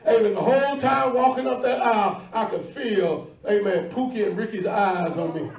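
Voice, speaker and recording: A woman preaching a sermon to a congregation, shifting between low asides and loud shouting. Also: normal speed, far from the mic. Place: church sanctuary. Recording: echoey church, mic from afar. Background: faint congregation.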